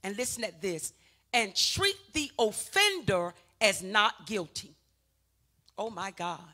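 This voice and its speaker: A woman pastor preaching a sermon, urging the congregation on with call-and-response and swinging from loud emphatic peaks to quiet teaching. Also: medium pitch, sing-song, slow pace.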